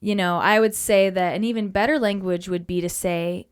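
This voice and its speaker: A woman's voice: medium pitch, steady tone, normal speed, hardly any pauses, smooth. A woman in casual talk about relationships who earnestly acts out the lines she quotes. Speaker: co-host.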